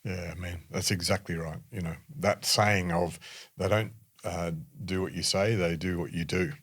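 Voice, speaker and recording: Deep husky aussie pastor hosting a chat, lots of affirming yeahs. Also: male voice, fairly even intonation, moderate pace, fairly bright tone. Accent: Australian. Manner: affirming, frequent "yeah" backchannels. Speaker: pastor and host. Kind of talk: conversational interview.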